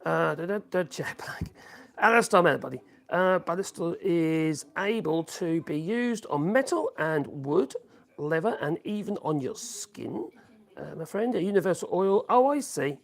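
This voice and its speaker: Speaking into a phone in a home workshop, a live-streamer rambles casually, reads out chat messages, and hums and chuckles often between thoughts. The voice is mid-range, expressive, and creaky, with a measured pace.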